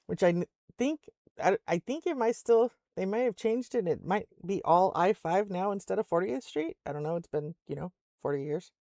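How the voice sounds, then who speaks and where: An older woman chats and tells stories while playing a game, laughing often and slipping into little voices for other people. Her voice has a gravelly edge and sounds close and dry. She rambles comfortably from one tale to the next. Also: mid-range voice, animated, moderate pace, warm tone, dry recording. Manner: chatty storyteller, laughs often, acts out voices. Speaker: streamer. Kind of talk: casual chat while gaming. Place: home in Alaska.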